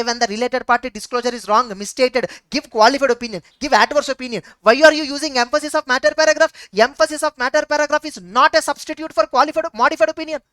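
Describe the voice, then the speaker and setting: High-voiced Indian English woman lecturing. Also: fairly bright tone, no echo. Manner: repetitive, drills points with rhetorical questions. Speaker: teacher. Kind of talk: exam-prep lecture.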